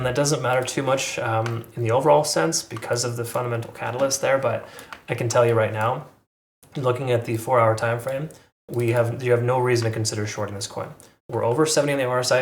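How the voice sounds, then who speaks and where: A man's voice: mid-range voice, slight background noise. Man, crypto chart host, rambling casual commentary, fillers and restarts, echoey room. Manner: rambling, filler-heavy, self-correcting.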